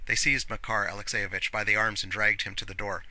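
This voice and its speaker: A man reading a novel aloud as an audiobook narrator in an earnest, measured way. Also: lowish voice, flat delivery, bright, forceful tone, no room sound, poor audio.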